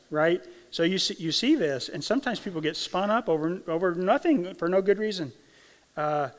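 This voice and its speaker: A middle-aged man from Arkansas delivers a sermon in a relaxed, folksy way, often checking in with the congregation. His voice sits a little high for a man. The sound carries a long reverb from the church hall. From Arkansas, USA. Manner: conversational, folksy, asks the congregation "right?". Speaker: pastor. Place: church sanctuary.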